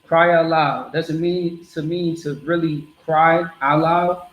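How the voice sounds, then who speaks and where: A man's voice: fairly high pitch, steady tone, a little slow, roomy sound, highs cut off. A man preaching bluntly to a group in a streetwise, repetitive way.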